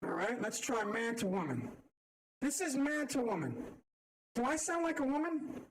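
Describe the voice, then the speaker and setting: A man's voice: very high voice, very animated, normal speed, breathy edge, voice pushed up, heavily acted. A man talking through a man-to-woman voice changer effect, joking as he tests it out. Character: man's voice pitched into a woman's.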